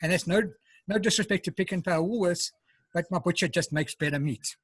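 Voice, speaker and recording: A high-pitched man with a South African accent walks viewers through his cooking, chatty and unhurried, taking bites as he talks. His voice carries a husky edge. It comes through a video call and sounds close and dry. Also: fairly bright tone, no room sound. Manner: chatty, explains step by step, eats while talking. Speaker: home cook presenting. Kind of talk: casual live cooking demo.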